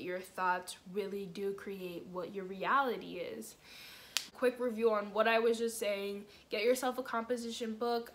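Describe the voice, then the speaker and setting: A woman vlogger giving motivational self-improvement advice to the camera, talking fast, rambling and restarting as her words tumble out. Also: a little high. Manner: earnest, coaching, asks the viewer questions. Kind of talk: casual motivational to-camera talk.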